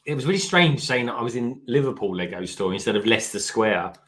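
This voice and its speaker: A man's voice: medium pitch, lively intonation, quick pace, fairly bright tone. A man guesting on a livestream, chatting casually in a hesitant, easygoing way. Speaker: co-host guest.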